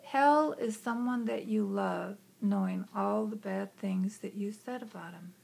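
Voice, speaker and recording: A woman voicing a calm inner spirit voice that speaks slowly and softly. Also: medium pitch, creaky. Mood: solemn. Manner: slow, hushed, measured.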